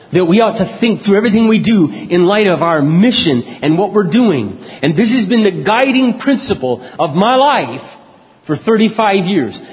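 Animated preacher in a reverberant hall. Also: male voice, a little high. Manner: animated preaching, acting out prayers and quotes. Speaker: pastor. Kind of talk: sermon. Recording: dull lo-fi recording in a reverberant hall.

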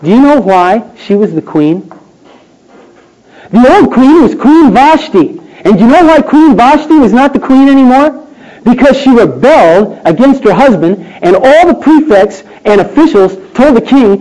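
A man preaching a sermon, emphatic and rhetorical, swinging between loud declarations and hushed questions. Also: very high voice, lively intonation, normal speed, poor audio.

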